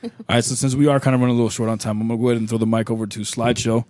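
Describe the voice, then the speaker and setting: A man's voice: mid-range voice, fairly even intonation, rapid-fire, a little mellow, no room sound. A man hosting a casual podcast chat, upbeat and joking, laughing often between lines. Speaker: podcast host.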